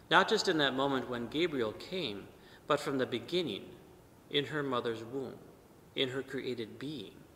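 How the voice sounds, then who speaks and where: A man preaching a sermon at Mass as a priest, measured, with emphatic rises and soft trailing endings. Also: mid-range voice, creaky, a little hiss or hum. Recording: long church reverb.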